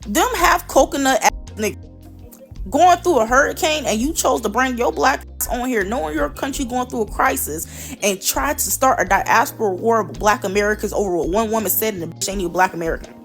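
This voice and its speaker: A woman's voice: fairly high pitch, fairly quick, faint music behind. A woman ranting in a crude, mocking and profane way. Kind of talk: casual rant.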